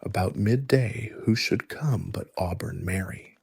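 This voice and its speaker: Slow, husky male sleep-story narrator. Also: low voice, no room sound. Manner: slow, hushed, soothing delivery. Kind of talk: soft ASMR storytelling.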